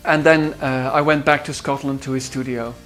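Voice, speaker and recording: Dutch man, musician, halting recollection, faint guitar music underneath. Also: mid-range voice, fairly even intonation, fairly bright tone. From Netherlands. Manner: halting, with many fillers and restarts. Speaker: musician and producer. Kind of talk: behind-the-scenes recollection.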